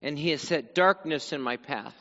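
A man's voice: fairly high pitch, moderate pace, bright, forceful tone, big-room sound, muffled recording. A male pastor preaching a sermon, reading scripture dramatically and chatting casually between passages.

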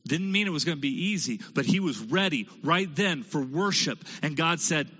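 A man preaching a sermon with a bright, forceful, fairly high voice. He presses his listeners with rhetorical questions and sinks to a hush to drive points home. The sound is dull and lo-fi and rings with a long hall reverb from the sanctuary. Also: lively intonation, normal speed, few pauses, slightly rough. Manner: preaching in rhetorical questions, swinging from loud emphasis to hushed. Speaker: pastor.

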